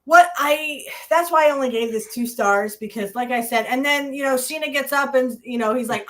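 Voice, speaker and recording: A woman's voice: sits high, a little fast, few pauses, a bit bright. A woman co-hosting a casual wrestling review podcast, talking bluntly with swearing and mocking rants. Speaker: podcast co-host.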